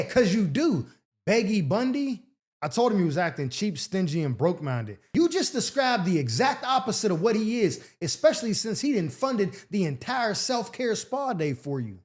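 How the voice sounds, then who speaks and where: Here the host's voice is high-pitched with big swings in pitch, at a normal speed. He reads out letters on his advice show and responds with sarcastic, blunt, profanity-laced rants in casual slang.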